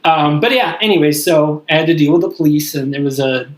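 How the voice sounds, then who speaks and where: A man's voice: fairly high pitch, brisk, rough recording. A young man hosting a podcast, telling a story in a rambling, profane way, full of "like" and "I was like.". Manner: profane, rambling, heavy use of "like". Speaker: podcast host. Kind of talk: casual storytelling chat.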